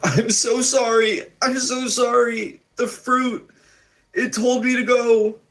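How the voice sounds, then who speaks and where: A man's voice: medium pitch, moderate pace, voice pushed up, natural voice. A man voicing a tearful young sister. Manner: tearful, apologetic, pleading. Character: weeping young woman, a captive sister.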